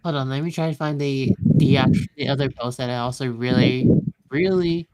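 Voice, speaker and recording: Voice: mid-range voice, fairly even intonation, a little mellow, slight background noise. Brief: casual co-host, mid-range voice, scattered, restarts sentences while searching. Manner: distracted, halting, trails off. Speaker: podcast co-host. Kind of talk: casual chat.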